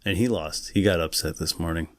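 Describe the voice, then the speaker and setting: A man co-hosting a podcast, chatting casually in a relaxed, rambling way and laughing often. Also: deep voice, a little fast. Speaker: podcast co-host. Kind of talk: casual chat.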